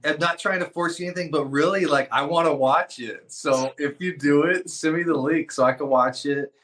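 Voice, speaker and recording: A man co-hosting a business podcast, an attorney who talks casually with jokes and quick asides. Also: fairly high pitch. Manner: joking, animated, quick asides.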